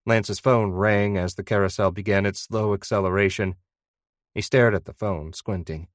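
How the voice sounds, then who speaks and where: Male audiobook narrator, low voice, dry close sound, steady first-person read. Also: normal speed, dry recording.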